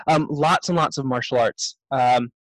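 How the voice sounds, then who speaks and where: A young man in his twenties speaks as a podcast guest, relaxed and loose with frequent "um"s. The recording is dry and close, with no room echo. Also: medium pitch, a little slow. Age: 20s. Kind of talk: casual interview answers.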